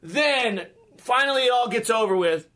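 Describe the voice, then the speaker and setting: A man's voice: very high voice, lively intonation, moderate pace, sharp tone. A man in his thirties telling a comic story in a profane, exasperated rant.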